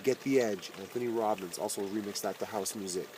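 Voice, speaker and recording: Uomo che legge titoli con ironia asciutta. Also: male voice, fairly low pitch, a little fast, a little mellow, a little hiss or hum, low-quality recording. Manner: dry, wry asides between titles, trailing off at each author name. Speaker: self-help listener reading his list. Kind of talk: casual spoken list, reading titles aloud.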